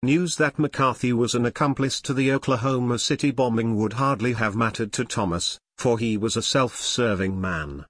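Male audiobook narrator, mid-pitched, measured and even, close dry recording. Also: dry recording. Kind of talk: scripted nonfiction narration.

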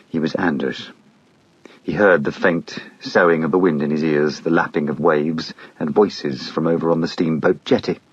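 A man narrating an audiobook in a measured, steady storytelling manner. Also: low-pitched, breathy edge, dry recording, dull audio.

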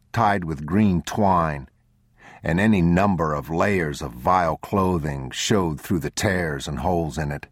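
A man reading a novel aloud as audiobook narrator in a measured, sombre, deliberate manner, recorded on a close mic. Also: low voice, husky, no room sound. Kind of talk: scripted literary narration.

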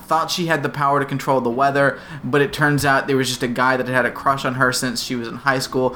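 A man's voice: mid-range voice, flat delivery, fairly quick, bright, forceful tone, slight background noise. A man co-hosting a casual podcast chat, making wry joking asides.

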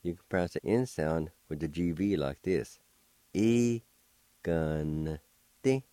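A man's voice: sits low, moderate pace, warm tone, no echo. A man teaching a language lesson on the radio, carefully spelling out words letter by letter and repeating them.

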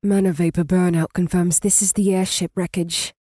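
A man doing a composed dark elf woman. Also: high voice, flat delivery, moderate pace, no echo, studio quality, pitched above the performer's own voice. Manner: composed, murmuring.

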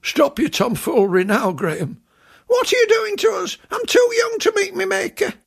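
A man voicing a fussy, officious middle-aged male showbiz agent in a comic radio act, with a high-pitched, gravelly voice. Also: wildly swooping pitch, normal speed, fairly bright tone, exaggerated voice. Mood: alarmed. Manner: indignant, prim and officious. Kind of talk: comic radio character acting.

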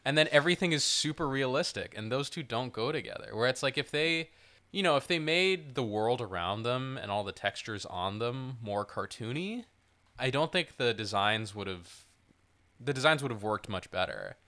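This male podcast co-host speaks in a mid-range voice at a normal speed. His talk is loose and wandering, lively, packed with "like," with the occasional curse word.

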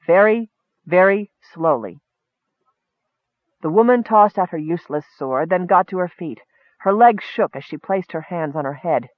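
A man reading a fantasy story aloud in a steady, measured way. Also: high voice, no room sound. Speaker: audiobook narrator. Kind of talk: scripted fantasy narration. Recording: dry tinny phone-like audio.

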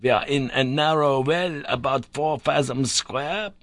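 Man playing an excitable old professor. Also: medium pitch, measured pace, dry recording, pitched above the performer's own voice. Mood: urgent. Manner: urgent, insistent explaining. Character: elderly excitable male professor uncle.

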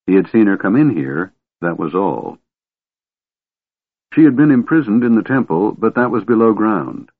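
A man narrates a fantasy audiobook in a steady, measured voice. His voice is very low and the recording is dry, with no room sound. The audio is squeezed into a narrow, phone-like band. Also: breathy edge, no echo.

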